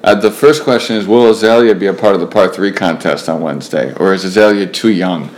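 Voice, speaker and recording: Low-voiced man hosting a podcast. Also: brisk. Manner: mock-grand announcer tone, joking. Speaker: podcast host. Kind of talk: casual podcast chat.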